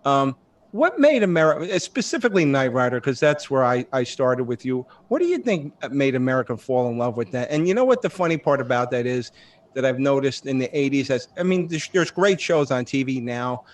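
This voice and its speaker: A man's voice: mid-range voice, big pitch swings, fairly quick. A man co-hosting a radio talk show, joking and teasing in casual chat. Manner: joking, teases his co-host and the guest. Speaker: radio co-host.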